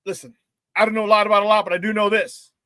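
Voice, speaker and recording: A man hosts a morning sports talk show in a high, bright voice, loose and hyped as he jokes with viewers. His sound is dry and close, with almost no room in it. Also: level tone, racing, smooth, no room sound. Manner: playful and hype, reading viewer comments with laughs. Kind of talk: casual morning show chat.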